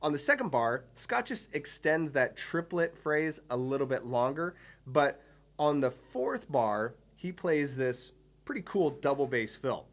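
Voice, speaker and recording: A man giving a drum lesson, explaining patterns step by step with enthusiasm and counting beats aloud. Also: medium pitch. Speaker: drum teacher. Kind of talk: instructional video lesson.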